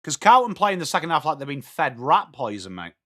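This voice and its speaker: Here a young man from northern England hosts a live fan watchalong, speaking quickly in a voice on the high side. He calls the play, reads the chat, and banters excitably with viewers by name.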